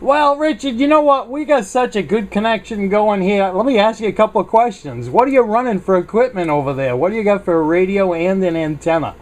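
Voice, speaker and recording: A man's voice: high voice, fairly quick, hardly any pauses. A man from South Carolina talking as a ham radio operator, friendly and upbeat on the air. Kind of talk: radio contact chat.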